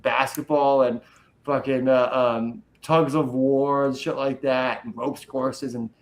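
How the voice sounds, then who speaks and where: A man's voice: mid-range voice, flat delivery, takes it slowly, poor audio. A young man talking casually, swearing freely and rambling with energy. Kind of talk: casual chat.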